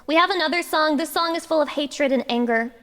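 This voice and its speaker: A woman's voice: high-pitched, a little fast, in a large hall. A woman streamer ranting to her chat in a profane, sarcastic mock-mourning tone and singing along to karaoke songs. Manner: sings along loudly to backing tracks. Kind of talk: karaoke livestream with chat banter.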